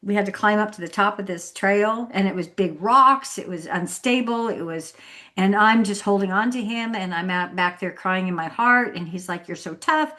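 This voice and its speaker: A woman's voice: medium pitch, normal speed, sharp tone. A woman hosting a podcast from home, chatting casually and telling a story, acting out the people she quotes and laughing often. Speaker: podcast host.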